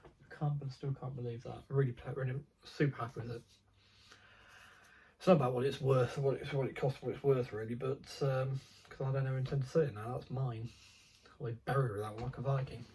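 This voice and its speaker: A man's voice: medium pitch, fairly even intonation, fairly quick, mellow, slight background noise, low-quality recording. A young man chatting casually about his model railway hobby, rambling and digressive with many ums and restarts.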